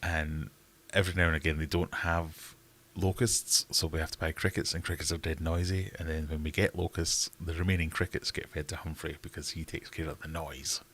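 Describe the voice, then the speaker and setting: A man's voice: very deep voice, little pitch movement, brisk, few pauses, fairly bright tone, husky. A man hosting a casual livestream, answering chat in a rambling, wry, self-mocking way. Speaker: livestream host reading chat.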